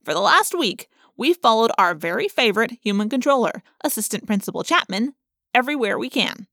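A woman's voice: fairly high pitch, lively intonation, fairly quick, a bit bright, dry recording, clean studio sound. A woman voicing a wisecracking teenage boy in an audiobook, with a joking delivery. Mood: wry. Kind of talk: audiobook character voice.

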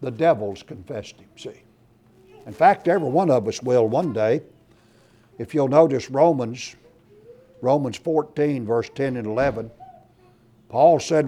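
A man's voice: mid-range voice, measured pace, pauses often, breathy edge. A man preaching a sermon, reading scripture aloud and pressing his points with emphasis. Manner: emphatic, rising loud on scripture and lists.

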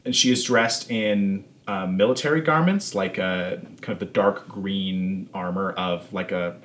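A man's voice: deep voice, a little slow, a bit bright, a little hiss or hum. A man narrating as game master in a tabletop game, casual and full of fillers.

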